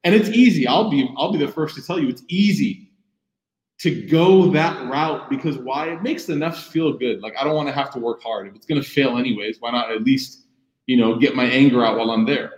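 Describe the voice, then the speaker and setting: A young man giving a sermon, telling personal stories lively and acting out the voices in quotes. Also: medium pitch, a little fast. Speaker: Muslim speaker giving a talk. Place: room with audience. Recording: echoey room.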